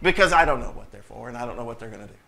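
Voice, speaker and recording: Animated bright-voiced male pastor preaching. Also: mid-range voice, rapid-fire, gravelly. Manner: animated, emphatic, blunt, rhetorical questions. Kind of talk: sermon.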